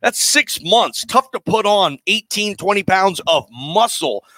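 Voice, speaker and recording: An American man talking sports on the radio, chatty and quick to get excited as his thoughts jump around. His voice is bright and fairly high for a man, recorded close with a dry sound. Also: no room sound. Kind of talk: casual sports talk.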